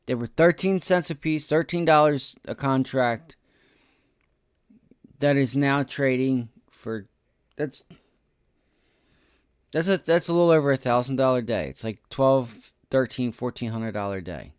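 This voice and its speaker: Male trading streamer, middle pitch, dry close mic, frustrated, swears, mutters then blows up. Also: measured pace, pauses often, smooth, dry recording. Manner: frustrated, swings between muttering and loud outbursts, swears. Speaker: day trading livestream host. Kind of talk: live trading commentary.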